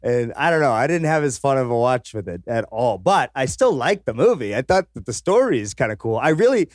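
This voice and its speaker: Lively, rambling man chatting. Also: medium pitch, brisk, dry recording, studio quality. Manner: rambling, swears freely, trails off mid-sentence. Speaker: podcast co-host. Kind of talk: casual chat about a film.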